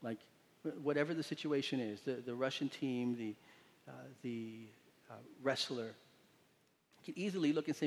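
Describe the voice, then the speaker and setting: A man preaching to his congregation in a sanctuary with a long, ringing reverb. His voice sits a little higher than most men's, and he brings his stories to life by acting out the people in them. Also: moderate pace. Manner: animated storytelling, acts out quotes with voices. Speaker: pastor. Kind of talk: sermon. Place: church sanctuary.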